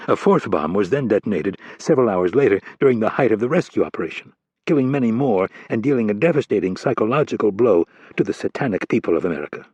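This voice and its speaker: Narrating a thriller audiobook, a man keeps a steady, measured delivery, his voice low and husky-grained. The recording is close and dry with no room sound, and its highs are cut off.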